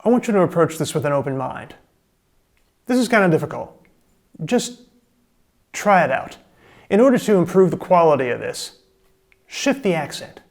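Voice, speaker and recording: A man's voice: a little high, sing-song, fairly quick, vocal fry. A man hosting a drum lesson, coaching step by step in a plain, encouraging way. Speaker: drum teacher. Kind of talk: casual instructional talk.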